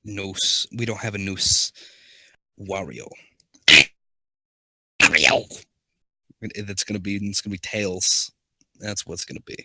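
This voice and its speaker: A man's voice: on the low side, little pitch movement, normal speed, bright, forceful tone, no echo. A man doing a casual comedic reading, mumbling asides and joking with a co-host. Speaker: comedy reader.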